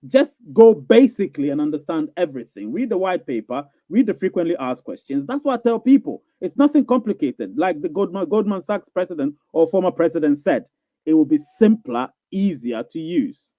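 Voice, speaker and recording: A man's voice: a little high, big pitch swings, fairly quick, dark tone, no room sound. A man hosting a live question-and-answer stream, reading viewer comments and answering in an emphatic, repetitive way, often asking if listeners follow him. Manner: emphatic, repeats phrases, asks "you get what I'm saying?". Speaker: live Q&A show host. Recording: thin phone-like audio.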